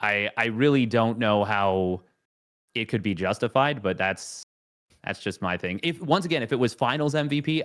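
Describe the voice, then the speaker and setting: A man's voice: on the low side, lively intonation, moderate pace, a bit bright. A man in a casual esports chat, ranting heatedly and swearing freely.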